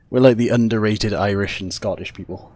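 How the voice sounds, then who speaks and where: A man's voice: lowish voice, darkish tone, no echo. Chatty Welsh man streaming a game. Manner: chatty, laughs often, talks to viewers. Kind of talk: casual gameplay commentary.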